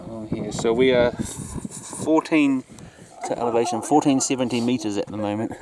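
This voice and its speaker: A young man talks easily as he hikes across the mountain tops and laughs often. It is recorded on a handheld camera outdoors. Wind noise is clearly heard behind him. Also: medium pitch, moderate pace. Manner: relaxed, chatty, laughs easily. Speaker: hiker filming a vlog. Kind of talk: casual outdoor vlog narration.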